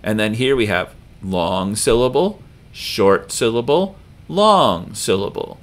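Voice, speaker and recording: A man teaching a recorded lesson, talking slowly and patiently and repeating each example word louder with strong stress. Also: on the low side, lively intonation. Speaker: language teacher.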